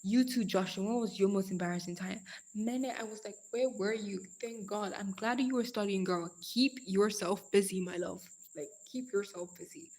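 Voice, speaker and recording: Young woman on a live stream, high-energy chatty, keeps calling folks darling and girl. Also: normal speed, darkish tone. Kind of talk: casual live stream chat.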